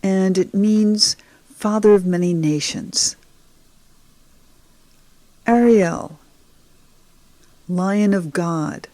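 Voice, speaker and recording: A woman's voice: mid-range voice, extremely slow, long pauses, dark tone, no room sound. A woman teaching a beginners' lesson over slides, encouraging and speaking straight to the viewer. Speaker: Hebrew teacher. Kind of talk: slow, patient lesson narration over slides.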